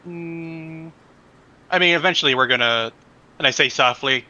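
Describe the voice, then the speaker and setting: A man's voice: mid-range voice, brisk, bright, forceful tone, lo-fi sound. A man playing in a tabletop game, asking questions in a hesitant, searching way. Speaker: player. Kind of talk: casual tabletop play.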